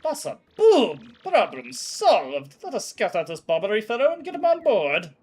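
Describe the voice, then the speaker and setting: A man's voice: on the high side, big pitch swings, moderate pace, breathy edge. A man voicing a pompous, flamboyant male ship owner who speaks in a grand, theatrical manner. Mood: grandiose.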